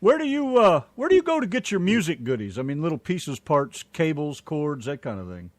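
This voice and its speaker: A man co-hosting a chat show, throwing in quick jokes and questions. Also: fairly high pitch, sing-song, dry recording. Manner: joking, quick quips. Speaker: co-host. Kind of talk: casual chat.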